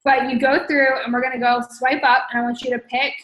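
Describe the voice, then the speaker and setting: Bright, slangy young woman coaching. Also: high-pitched, little pitch movement, a little fast, echoey room, dull audio. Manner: slangy, thinks aloud, dictates while typing. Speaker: host coaching sellers. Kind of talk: casual instructional live talk.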